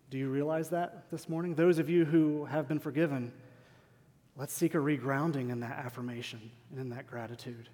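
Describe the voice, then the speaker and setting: Earnest preacher in a reverberant hall. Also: male voice, medium pitch, darkish tone. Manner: earnest, emphatic, rhetorical questions. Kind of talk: sermon. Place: church sanctuary.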